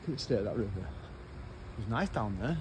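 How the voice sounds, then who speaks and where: A man's voice: lowish voice, animated, normal speed. Chatty man walking outdoors. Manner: chatty, blunt, slangy. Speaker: vlogger. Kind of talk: casual walking vlog. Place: outdoors walking along a road. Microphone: handheld phone. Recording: outdoor traffic noise.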